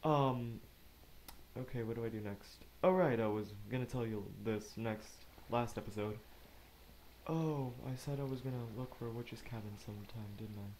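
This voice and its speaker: A man giving casual let's play commentary, rambling and talking to himself with quick asides. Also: medium pitch, a little mellow, slight background noise. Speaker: gamer narrating gameplay.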